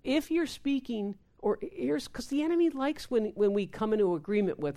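A woman's voice: on the high side, lively intonation, normal speed, dark tone. A woman giving an informal sermon, often repeating words and acting out quoted prayers. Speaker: preacher.

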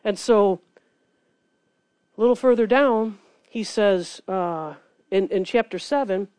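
A woman's voice: medium pitch, slow pace, no echo. Earnest woman preacher, dry sound. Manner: earnest, animated preaching with scripture reading and acted quotes. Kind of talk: sermon.

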